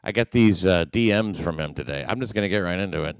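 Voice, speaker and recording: A man's voice: sits low, fast talker, no echo, studio quality. A man hosting his own livestream, ranting in a profane, combative way with many fillers and restarts. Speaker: livestream host. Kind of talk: ranting monologue.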